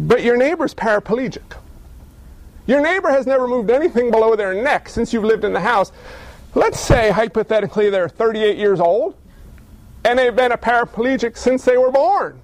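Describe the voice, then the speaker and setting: A man's voice: high voice, expressive, a little fast. A male pastor preaching a sermon, joking and firing off rhetorical questions.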